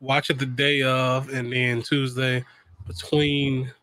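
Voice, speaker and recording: A man co-hosting a casual podcast chat, excitable and quick to laugh. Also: mid-range voice, no room sound. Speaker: podcast co-host.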